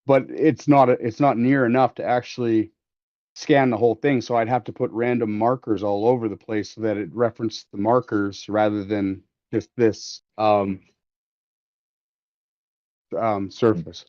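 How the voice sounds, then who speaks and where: A man's voice: lowish voice, steady tone, a little slow, a little mellow, no room sound. Joking, rambling man on a livestream. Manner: rambling and joking, with many fillers and restarts. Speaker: livestream host demonstrating 3D scanning. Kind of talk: casual livestream chat. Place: workshop. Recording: slightly dull, lo-fi stream audio.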